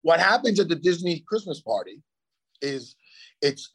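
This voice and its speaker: A man co-hosting a chat show from a hotel room, telling stories in an animated way and swearing freely. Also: a little high, moderate pace, slightly rough. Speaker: podcast co-host. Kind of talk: casual chat.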